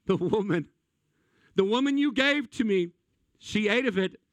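A whiny, pleading grown man squeals that none of it is his fault, as a preacher puts him on. The voice jumps far above the speaker's own and pushes a little louder, thin and complaining. Recorded close and dry, with no room sound. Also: high voice, animated, a little slow, dry recording, voice pushed up. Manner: whining, pleading.

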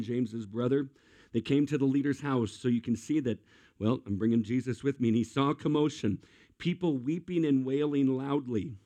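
A man preaching a sermon as a pastor, animated and acting out quotes with playful voices. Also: medium pitch.

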